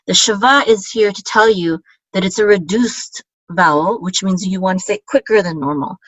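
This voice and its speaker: A woman teaching Hebrew grammar step by step, patient and explanatory, often checking in with "okay?" and pausing on fillers. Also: medium pitch, fairly bright tone, dry recording, poor audio.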